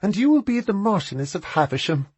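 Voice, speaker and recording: A man voicing a haughty, exasperated aristocratic woman who scolds her brother in a high, indignant tone. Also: sing-song, quick pace, darkish tone, breathy edge, no echo. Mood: weary.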